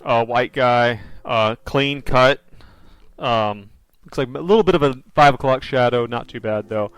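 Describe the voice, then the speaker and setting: Man, game master, casual rambling narration, mid-pitched voice, tabletop horror game. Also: a little slow, fairly bright tone, clean tone, no room sound. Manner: casual, rambling description with fillers.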